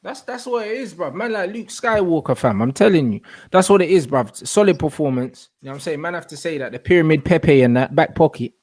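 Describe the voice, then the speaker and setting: A man co-hosting a casual football chat, relaxed and full of slang and catchphrases. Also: on the high side, brisk, hardly any pauses, no room sound. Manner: laid-back London slang, repeats catchphrases. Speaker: football podcast co-host. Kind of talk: casual banter about football.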